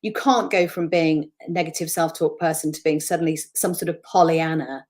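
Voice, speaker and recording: Animated Northern English woman speaker. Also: deep voice, brisk. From north of England. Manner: animated, acts out voices of self-talk. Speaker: motivational speaker. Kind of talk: webinar interview talk.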